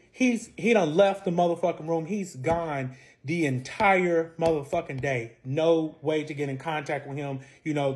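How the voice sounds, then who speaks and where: Profane, animated young man telling a story. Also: fairly high pitch. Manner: heavily profane, animated retelling that acts out both sides of an argument. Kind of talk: casual storytime monologue.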